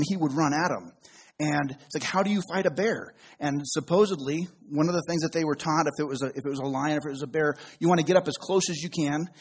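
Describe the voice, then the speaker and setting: A man's voice: a little high, slightly rough. A middle-aged male pastor giving a conversational sermon with joking asides.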